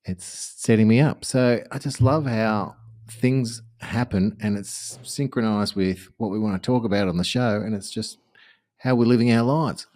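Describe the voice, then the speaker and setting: Low, mellow man chatting. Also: normal speed. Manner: enthusiastic, chatty, self-correcting. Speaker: podcast co-host. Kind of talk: casual podcast chat.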